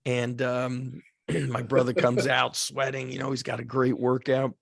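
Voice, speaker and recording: A man spins a casual podcast story, animated and chatty, leaning on "like" as he acts out the shouting in it. His voice has a gravelly fry. The sound is dry and close, with no room around it. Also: mid-range voice, measured pace, no echo. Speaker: podcast host.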